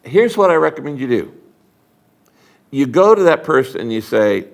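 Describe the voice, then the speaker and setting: As an interview guest, an older man who is retiring as pastor speaks at normal speed in a gravelly, mid-range voice, leaving long pauses. He's emphatic and animated in a preacherly way, acting out little dialogues.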